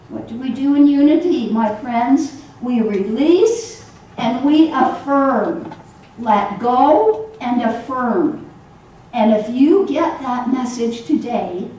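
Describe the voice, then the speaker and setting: Woman preacher giving a sermon, slow and mellow, big echoey hall, mic kinda far. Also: fairly high pitch, a little hiss or hum. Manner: animated, acts out quoted voices. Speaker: minister. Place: church hall with audience.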